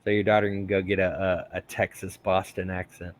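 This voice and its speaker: Male stream host, low voice, rambling and laughing, many ums. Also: little pitch movement, fairly quick. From United States. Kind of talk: casual live-stream chat.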